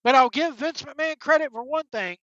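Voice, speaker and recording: A woman with a high voice talks straight at the listener in an exasperated, profane solo rant. The sound is dry and dull, with a lo-fi edge. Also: a little fast, a bit bright, no room sound. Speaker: wrestling commentary host.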